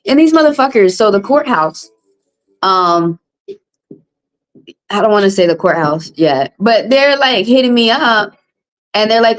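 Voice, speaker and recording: On poor audio, a woman speaks expressively at a measured pace, pausing often. She's a tarot reader running a live stream, blunt and profane, unloading on her viewers with a rising pitch and plenty of curse words.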